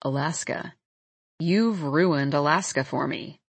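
A laid-back young man, voiced by a woman narrator, speaks low and unhurried in an audiobook. His tone stays easy and a little teasing. The recording is close and dry. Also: fairly even intonation, gravelly, dry recording. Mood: quiet wistful. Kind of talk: audiobook character voice.

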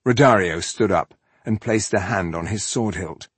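Low, husky man narrating an audiobook. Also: moderate pace, dry recording. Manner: expressive storytelling. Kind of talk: scripted narration.

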